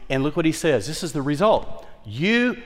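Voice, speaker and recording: A man's voice: big pitch swings, normal speed. Fervent preaching man in a reverberant hall. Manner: emphatic preaching, repeats key phrases, dynamic swings in pitch and volume. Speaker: pastor. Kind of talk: sermon. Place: large church worship center.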